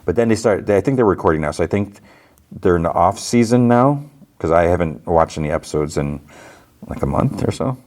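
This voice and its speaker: A man's voice: sits low, animated, fairly quick, a little mellow. A man hosting a podcast, casually recapping a TV episode in a rambling way with lots of "like" and fillers. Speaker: podcast host.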